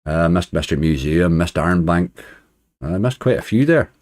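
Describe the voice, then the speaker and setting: A man runs a relaxed live stream, greeting viewers by name and chuckling as he goes. His voice sits a little low, with a dark, mellow tone. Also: moderate pace. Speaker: slots streamer greeting chat. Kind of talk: casual live-stream chat.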